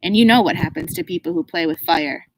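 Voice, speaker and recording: A woman reads a middle-aged South African game warden in a storybook, all insincere charm and easy patter. His low voice stays friendly on the surface while a quiet menace runs underneath. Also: big pitch swings, fast, creaky, full character voice, poor audio. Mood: grim. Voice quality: overfamiliar, breezy patter turning threatening. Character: smooth-talking sly male game warden, menacing. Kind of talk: audiobook character voice.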